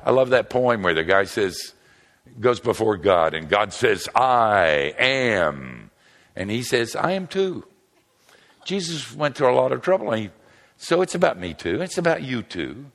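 A man's voice: mid-range voice, moderate pace, vocal fry. An older man preaching a humorous sermon, telling stories and joking with the crowd. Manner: animated storytelling, joking with the crowd. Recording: long hall reverb.

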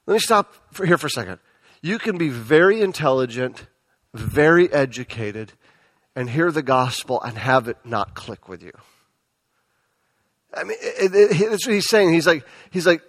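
A man's voice: on the high side, expressive, normal speed, fairly bright tone. A man, perhaps in his thirties, preaching a sermon as a pastor, often stumbling and repeating words as he goes.

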